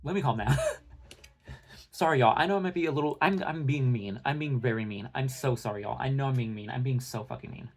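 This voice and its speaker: A young man delivering a heated, profane, sarcastic rant to his viewers, talking in fast bursts with many fillers. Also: medium pitch. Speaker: commentary channel host.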